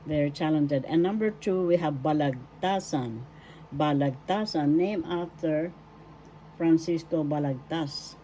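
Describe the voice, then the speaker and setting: Woman teacher, low mellow voice, slow and patient, repeats words syllable by syllable, faint noise. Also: low-quality recording. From Philippines. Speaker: language teacher. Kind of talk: slow classroom lesson.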